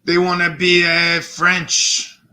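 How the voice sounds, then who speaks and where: A man's voice: sits high, completely flat delivery, takes it slowly, sharp tone. A man hosting a live stream, chatting casually in a rambling way and swearing a lot. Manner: rambling, swears a lot, slips into mock voices. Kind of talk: casual profane stream chat.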